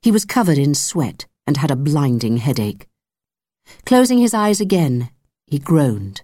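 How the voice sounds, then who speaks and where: A woman narrating an audiobook in a measured, even storytelling manner on a close studio mic. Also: low-pitched, dry recording. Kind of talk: scripted narration.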